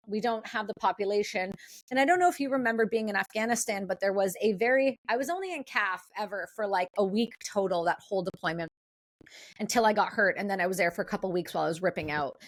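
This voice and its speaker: A woman hosting a sit-down interview, speaking bluntly and fast with strong opinions. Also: mid-range voice. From Canada. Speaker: host.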